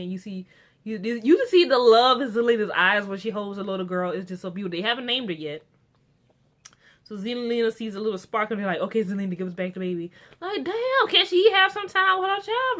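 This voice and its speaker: A woman giving a casual, animated TV episode recap, swearing freely and acting out the characters' lines. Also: medium pitch. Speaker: TV recap reviewer.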